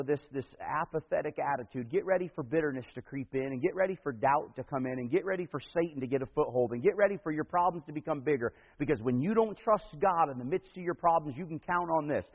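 A man, a pastor, preaching a sermon. He tells a story from his church and builds to loud, emphatic peaks. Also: a little high, fast, gravelly, hardly any pauses, big-room sound. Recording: tinny phone-like sound.

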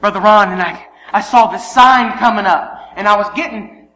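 A man preaching, telling a funny story with shouted exclamations and quiet asides. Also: high-pitched, normal speed. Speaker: pastor. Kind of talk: sermon with humorous personal story. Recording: long hall reverb, faint hum.

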